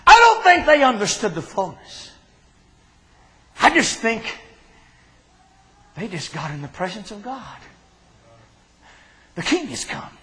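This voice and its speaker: High-voiced, fervent male preacher. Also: sharp tone, poor audio. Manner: fervent, drawn-out preaching with congregation responses. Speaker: pastor. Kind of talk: impassioned sermon. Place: church.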